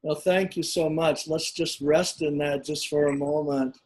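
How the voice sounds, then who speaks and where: A man's voice: a little high, fairly even intonation, a little slow, darkish tone. A man hosting a conversation, speaking hesitantly with many fillers. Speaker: host. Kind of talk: casual chat.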